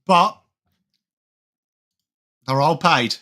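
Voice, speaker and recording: A man on a live stream, chatting with viewers and calling the game, with excited outbursts on big plays. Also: on the high side, extremely slow. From England. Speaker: watchalong streamer. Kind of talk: live game commentary mixed with chat.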